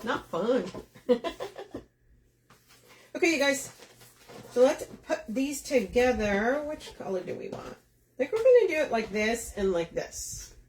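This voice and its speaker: Woman, chatty craft host, high lively voice, echoey room. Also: a little slow, long pauses, a little hiss or hum. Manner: chatty, laughs often, talks to viewers by name. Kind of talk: live-streamed craft demo.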